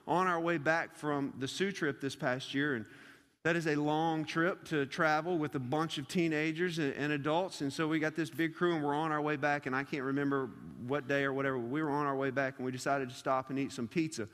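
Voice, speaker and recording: High-voiced youth pastor telling a story. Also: male voice, a little fast, in a large hall. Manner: conversational and animated storytelling. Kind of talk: sermon with a personal story.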